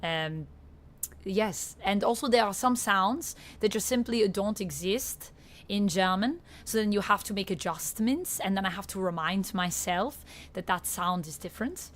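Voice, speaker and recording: A young woman with a Canadian accent chatting casually to her viewers while playing a game live, reading out chat and filling pauses with "uh" and "like". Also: mid-range voice. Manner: chatty, reads chat aloud, frequent fillers. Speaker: streamer. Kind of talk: live-stream gameplay chat.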